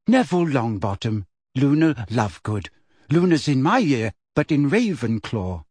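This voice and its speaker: A man voicing a bold, friendly teenage schoolgirl who speaks briskly and brightly. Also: mid-range voice, big pitch swings, breathy edge, no echo.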